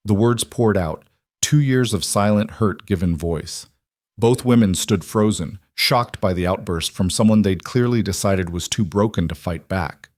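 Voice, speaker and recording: A man giving scripted, measured narration of a story. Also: lowish voice, darkish tone, no room sound, clean studio sound.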